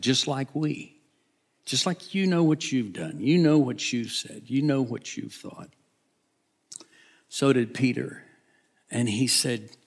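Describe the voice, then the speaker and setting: A man's voice: medium pitch, vocal fry. A man preaching a sermon, retelling a Bible story dramatically, acting out the characters and sometimes dropping to a whisper.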